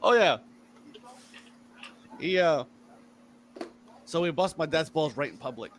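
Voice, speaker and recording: A man's voice: a little high, expressive, slow, slight background noise. A man with a slightly raised voice hosts an easygoing chat. He tells crude family stories and laughs through them, loose and unfiltered. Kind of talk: casual chat.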